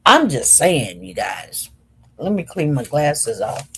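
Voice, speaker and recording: A woman hosts a casual livestream and reads viewer comments aloud. She talks slowly and wanders from point to point. Her manner is chatty, and she keeps turning to her audience as y'all. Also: sits low, big pitch swings, a bit bright, breathy edge. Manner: chatty, slow and meandering, addresses viewers as y'all. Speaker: livestream host.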